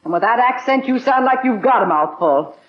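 A performer playing a blunt, bossy, sharp-tongued aunt in a 1950s radio sitcom, on a dull old broadcast recording. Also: female voice, fairly high pitch, expressive, fairly quick, echoey room, slight background noise, close to an everyday voice. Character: brash, bossy elderly aunt, heavyset and blunt.

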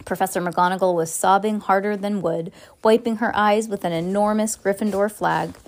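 A woman podcast host reading a book aloud, expressive, with small restarts and asides. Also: medium pitch, moderate pace, slight background noise. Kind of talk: casual read-aloud storytelling.

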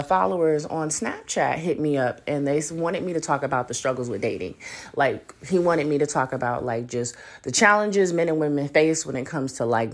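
A young adult woman hosting a solo podcast, talking in a blunt, profane and animated way. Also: fairly low pitch. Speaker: podcast host. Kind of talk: casual solo podcast rant.

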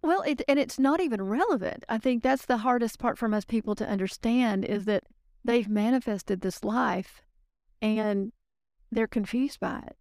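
A woman guest on a podcast, telling client stories in a lively, casual way and acting out the voices of the people she quotes. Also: on the high side, normal speed, dry recording, studio quality. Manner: animated storyteller, acts out quoted voices. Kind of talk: casual interview storytelling.

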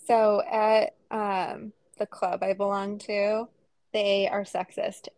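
A woman's voice: medium pitch, flat delivery, slow, a little mellow, no room sound. A woman in her thirties co-hosting a podcast, telling stories in casual chat and laughing often. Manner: chatty storyteller, laughs often. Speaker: podcast co-host.

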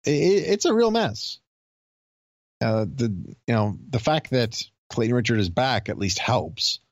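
A man's voice: mid-range voice, very animated, unhurried, dry recording. Dry-humored man on a podcast, close and dry. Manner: dry, sardonic quips. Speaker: podcast co-host. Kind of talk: casual sports chat.

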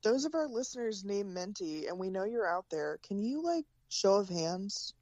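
A woman co-hosting a podcast, chatting about a horror film with quick, playful interjections. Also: medium pitch, very animated, darkish tone, dry recording, muffled recording. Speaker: podcast co-host. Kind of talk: casual movie chat.

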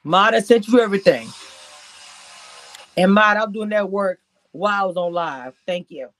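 A woman giving chatty, animated reality-TV commentary on a livestream, talking straight to her chat. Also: mid-range voice, normal speed. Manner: grows exasperated and incredulous. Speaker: YouTube commentator.

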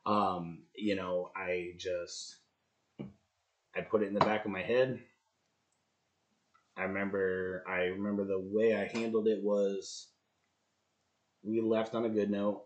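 Guy in his 30s w/ a lowish voice, swearing a lot, loud one sec then mumbling the next, candid interview story. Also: flat delivery, slow pace, long pauses. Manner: blunt, profane, swings between loud outbursts and low mutters. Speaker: podcast guest, former Marine.

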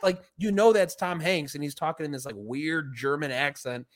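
A man hosting a sports podcast, talking in an easygoing, offhand way with drawn-out fillers. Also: a little high, a bit bright. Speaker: podcast host. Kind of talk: casual chat.

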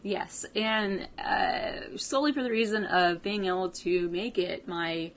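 A woman's voice: mid-range voice, measured pace. A woman co-hosting a casual comic book podcast, talking in hesitant, rambling stretches. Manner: rambling, hesitant, restarts often. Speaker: podcast co-host. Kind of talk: casual chat about comics.

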